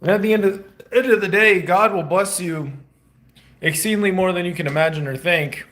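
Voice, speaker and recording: A man's voice: high-pitched, brisk, fairly bright tone. A young man chatting casually in a rambling vlog while he fixes food in his kitchen, filming on a phone held in one hand. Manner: loose, rambling, talks while fixing food. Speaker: faith vlogger. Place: home kitchen.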